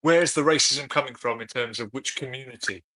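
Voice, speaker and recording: Bright-voiced man hosting a live stream. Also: mid-range voice, a little fast. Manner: chatty, reads out viewer comments, asks follow-ups. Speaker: co-host of a live discussion stream. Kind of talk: casual live-stream chat, reading viewer comments.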